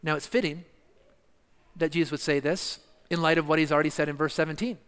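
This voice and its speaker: A man preaching an expository sermon, emphatic and slowing down to stress key words. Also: on the high side, fairly even intonation, a bit bright, clear, resonant tone. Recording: long reverb of a church hall.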